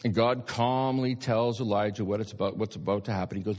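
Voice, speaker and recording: A man's voice: on the low side, level tone, fairly quick, few pauses, a little mellow. A man preaching a sermon to his congregation, emphatic and direct, with repeated appeals to his listeners. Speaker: pastor. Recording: long hall reverb.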